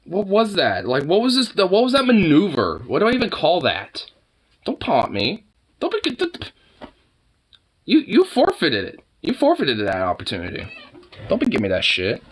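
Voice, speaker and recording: A man talking to his dog on camera in teasing baby talk, laughing and swearing, dropping to low mutters and jumping up to high squeals. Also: wildly swooping pitch, moderate pace, husky. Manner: laughs often, swears casually. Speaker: dog owner filming his husky. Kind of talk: casual talk to a pet on camera.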